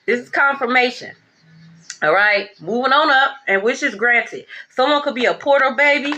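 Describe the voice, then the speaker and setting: A woman's voice: sits high, moderate pace, background noise. Sassy, profane woman reading tarot. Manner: blunt, profane, sassy and emphatic. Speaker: tarot reader. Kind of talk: casual tarot reading rant.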